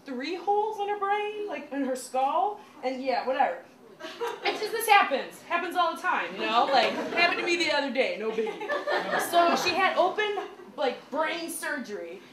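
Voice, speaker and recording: A woman doing stand-up storytelling in a small comedy club, chatty and animated, full of "like" fillers. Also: sits high, normal speed. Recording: echoey club room with crowd noise.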